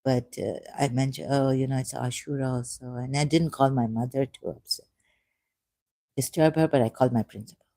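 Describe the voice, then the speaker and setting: A woman from Pakistan talks in a rambling monologue, her voice mellow and warm. She drifts between quiet asides and sudden emphatic bursts, repeating phrases, recorded dry and close with no room sound. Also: extremely low pitch, steady tone, brisk, dry recording. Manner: digressive, repeats phrases, shifts from soft asides to emphatic raised outbursts. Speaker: ex-Muslim speaker sharing his views.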